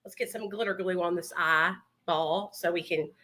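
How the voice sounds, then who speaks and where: A woman's voice: lowish voice, steady tone, normal speed, bright, forceful tone. A woman chatting casually with her livestream viewers from home while doing her makeup, calling them honey and baby. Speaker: livestream host.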